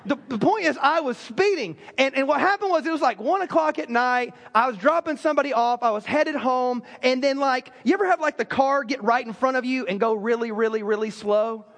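Man, pastor, sermon, storytelling with jokes, very high pitch, echoing hall. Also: fairly quick, gravelly, few pauses, a bit bright. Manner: storytelling with joking asides. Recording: long reverb of a large hall.

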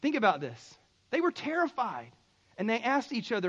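A man with a very high voice preaches a sermon. He talks to the congregation like a friend and then breaks into loud, emphatic bursts. The recording sounds a little muffled and lo-fi. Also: huge pitch swings, normal speed, breathy edge. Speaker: pastor.

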